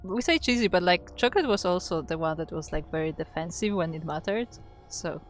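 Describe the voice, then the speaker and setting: A woman's voice: low voice, fairly quick, a little hiss or hum. Chatty woman casting a game live. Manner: chatty, filler-heavy, reads chat aloud. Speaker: esports caster. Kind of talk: casual live game commentary.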